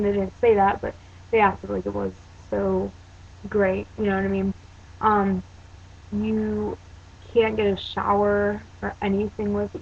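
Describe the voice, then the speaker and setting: A woman's voice: medium pitch, darkish tone, husky. A teenage girl from Pennsylvania telling a story to her camera in a chatty, rambling way, full of "um" and "like". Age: teens. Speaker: vlogger. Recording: dull lo-fi home video with faint hiss.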